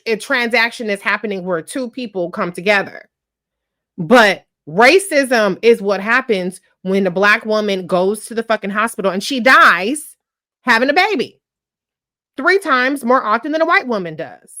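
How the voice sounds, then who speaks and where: A woman co-hosting a talk radio show, arguing bluntly and forcefully and swearing freely. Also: fairly high pitch, lively intonation, moderate pace, no room sound, studio quality. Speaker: radio co-host.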